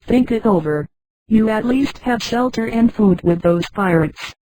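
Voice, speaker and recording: Calm, blunt male jungle nomad read plainly by a woman; steady, dry delivery. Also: mid-range voice, unhurried, no echo, poor audio.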